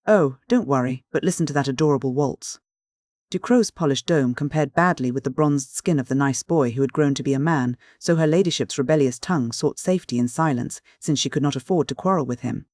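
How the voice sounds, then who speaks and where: An audiobook narrator reading a classic novel in measured, scripted narration. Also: mid-range voice, a little mellow, dry recording, studio quality.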